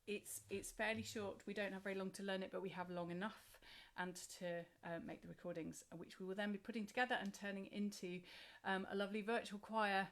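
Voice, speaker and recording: A woman opens an online choir session, chatting through the plans before handing over. She talks casually over a video call, with an ordinary mid pitch. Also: steady tone, fairly quick. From South London. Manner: chatty, hands over to the teacher. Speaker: choir organiser. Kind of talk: introducing a session.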